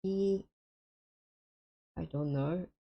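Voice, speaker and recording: A woman's voice: fairly low pitch, very slow, creaky, muffled recording. A woman streaming a co-op game with friends, chatting casually and hesitantly with lots of fillers and frequent giggles.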